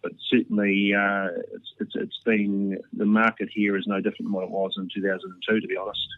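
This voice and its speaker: A man from New Zealand in his thirties with a New Zealand accent, a guest talking casually over the phone in a relaxed, rambling way. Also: fairly low pitch, a little fast, no echo. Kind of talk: casual chat. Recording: tinny phone line.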